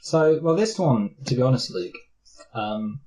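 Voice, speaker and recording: A man's voice: medium pitch, lively intonation, a little slow, warm tone, rough recording. A man with a Mancunian accent, co-hosting a casual movie review chat, rambling and self-mocking. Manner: rambling, self-mocking, slips into silly put-on voices. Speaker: podcast co-host.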